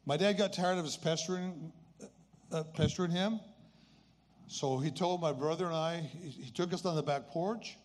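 A man's voice: on the high side, normal speed, a little hiss or hum. A man in his eighties telling a personal story as a faith testimony in an earnest, conversational way. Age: 80s. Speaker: speaker sharing a personal testimony.

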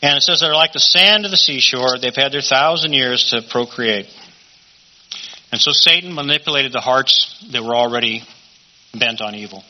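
A man's voice: medium pitch, normal speed, a little hiss or hum. A man teaching a Bible study in a conversational sermon style, often asking rhetorical questions. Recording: dull lo-fi recording.

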